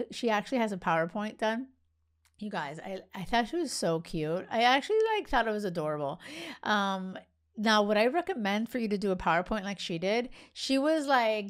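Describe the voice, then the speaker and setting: A woman's voice: mid-range voice, moderate pace, smooth. A woman hosting a casual podcast, talking chattily with lots of fillers and the odd laugh, giving dating advice. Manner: animated, lots of "like", laughs often.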